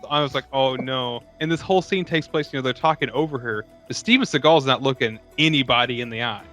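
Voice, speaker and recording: A man co-hosting a podcast, chatting casually about a movie and laughing between animated impressions of its lines. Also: medium pitch, fast, faint music behind. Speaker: podcast co-host. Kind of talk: casual movie review chat.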